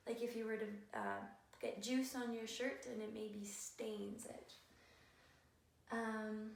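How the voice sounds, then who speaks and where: A woman teacher giving a patient phonics lesson to young children, sounding words out slowly and carefully. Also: fairly high pitch, little pitch movement, vocal fry. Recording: echoey room, voice a bit far from the mic.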